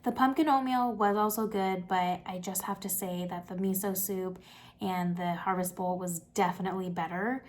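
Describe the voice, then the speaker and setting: A woman's voice: medium pitch, steady tone, normal speed. A young woman talking casually through a cooking vlog, chatty and upbeat, with lots of fillers. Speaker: vlogger.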